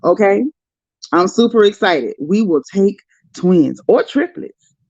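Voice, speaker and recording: A woman's voice: mid-range voice, expressive, takes it slowly, darkish tone, dry recording, lo-fi sound. Effusive woman chatting with her livestream viewers. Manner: emotional, effusive, talks to chat viewers by name. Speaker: livestream host. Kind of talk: casual livestream chat.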